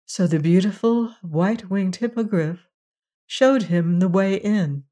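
A measured storyteller reads a fairy tale aloud, gentle and even, in a voice pitched right in the middle. The pace slows for the dramatic moments.

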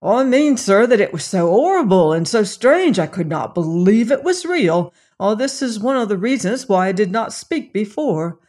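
A narrator voicing a frightened male servant who speaks in a shaky, halting, anxious way in an audiobook mystery. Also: high-pitched, sing-song, darkish tone, voice pushed up. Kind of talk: audiobook reading of a mystery novel.

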